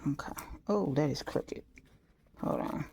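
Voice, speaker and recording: A woman chatting casually and excitedly while making a gift on camera, full of exclamations. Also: low voice, unhurried, creaky, noisy background. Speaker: crafter vlogger. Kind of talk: casual talk while crafting.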